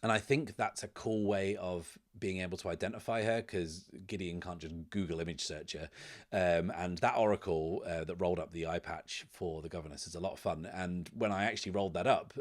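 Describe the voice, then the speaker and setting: A man hosting a solo tabletop game, casually narrating and explaining rules, whispering to himself as he rolls dice. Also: low voice. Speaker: host and solo game player.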